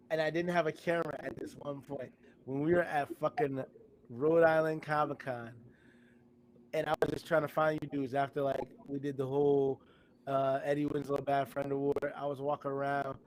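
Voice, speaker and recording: A man co-hosting a live podcast, telling stories in excitable, profane casual banter. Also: on the high side, a little hiss or hum. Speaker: podcast co-host.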